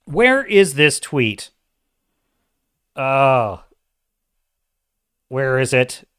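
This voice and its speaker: A man's voice: medium pitch, drawn-out words, clean tone, no room sound, studio quality. A man hosting a live-stream show, giving a rambling, opinionated movie review and often correcting himself mid-thought. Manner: opinionated and animated. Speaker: podcast host.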